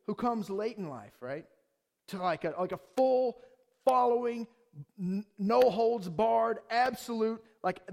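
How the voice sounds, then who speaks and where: Pastor, man, high voice, eager and chatty sermon delivery with lots of restarts. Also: vocal fry, a little mellow. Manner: enthusiastic, conversational, frequent restarts and rhetorical questions.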